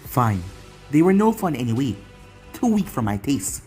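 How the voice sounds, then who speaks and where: Bloodthirsty young male ninja read by the narrator, terse, growling, lively pitch, faint music. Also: moderate pace, close to an everyday voice.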